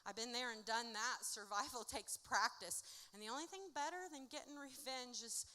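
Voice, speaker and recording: Bright-voiced woman performing spoken word poetry. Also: fairly high pitch, normal speed. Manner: rhythmic rhyming delivery, swinging between loud and hushed. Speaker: poet performing her own work. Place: theatre stage. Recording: long theatre reverb.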